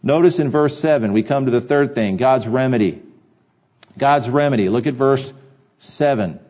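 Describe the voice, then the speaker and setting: A man's voice: medium pitch, moderate pace, a little mellow, muffled recording. Earnest man preaching a sermon. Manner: earnest preaching, repeats key phrases for emphasis. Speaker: pastor. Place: church sanctuary.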